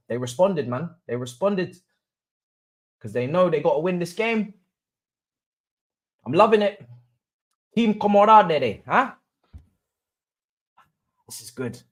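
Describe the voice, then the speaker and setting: A young man hosting a live football watch-along, swinging between low murmurs and excited chanting. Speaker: livestream host.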